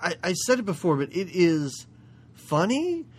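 A man's voice: high voice, sing-song, a little slow, slightly rough. A man co-hosting a podcast, joking wryly about a movie and laughing often. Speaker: podcast co-host. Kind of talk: casual chat reviewing a movie.

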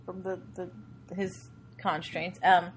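A woman's voice: fairly low pitch, flat delivery, slow pace, a little hiss or hum. A woman co-hosting a podcast, chatting casually about a movie, rambling and gushing and repeating her words. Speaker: podcast co-host. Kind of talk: casual chat reviewing a movie.

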